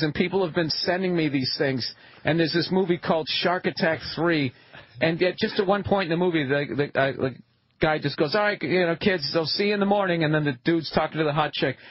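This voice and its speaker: A man telling stories on a radio show in a loose, animated way, laughing mid-sentence and swearing freely. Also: on the high side, husky. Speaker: comedian guest. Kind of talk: casual radio banter. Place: radio studio. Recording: dull lo-fi radio broadcast.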